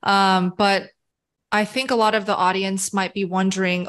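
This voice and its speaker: A woman's voice: medium pitch, steady tone, measured pace, fairly bright tone. A woman hosts a casual chat over a video call. She talks in an effusive, openly emotional way, with a mid-range voice. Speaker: host.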